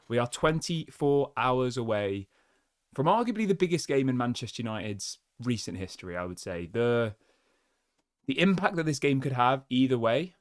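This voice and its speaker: A man's voice: mid-range voice, dry recording, studio quality. A man hosting his own football fan channel, chatting casually and thinking aloud with small restarts. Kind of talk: casual solo fan commentary.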